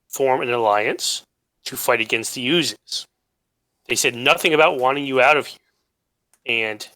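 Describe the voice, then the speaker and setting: A man's voice: mid-range voice, sharp tone, no echo, rough recording. A man playing a tabletop game, speaking earnestly and firmly in character. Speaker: player. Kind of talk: casual tabletop game chat.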